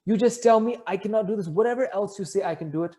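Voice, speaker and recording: A man's voice: high voice, fast talker, mellow, voice pushed up, close to an everyday voice. A man voicing a young male family man who urgently protests and pleads. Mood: pleading.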